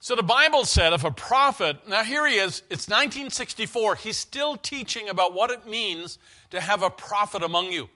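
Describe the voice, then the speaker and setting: A man's voice: high voice, expressive, moderate pace, pushed and bright. A man preaching an earnest, conversational sermon in a church, often restarting his phrases.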